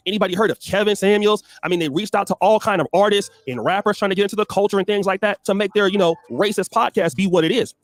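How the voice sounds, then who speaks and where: A man's voice: high voice, no echo. A man giving impassioned, emphatic commentary in a preachy manner, recorded close and dry. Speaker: commentator in a played clip.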